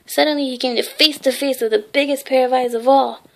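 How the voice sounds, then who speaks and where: A woman reading a bedtime story aloud in a gentle way, adding small asides. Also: sits high, steady tone, fairly quick, gravelly, background noise. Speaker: reader.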